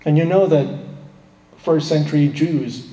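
A pastor delivers an emphatic sermon in an unhurried, warm voice, acting out quoted lines with a raised, rising pitch. The recording has the long reverb of a roomy hall.

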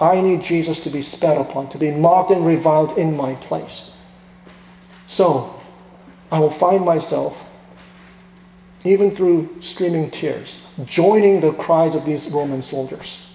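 A man preaching a sermon as a pastor, impassioned, swinging from hushed lines to loud outbursts. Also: on the high side. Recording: echoey hall with long reverb.

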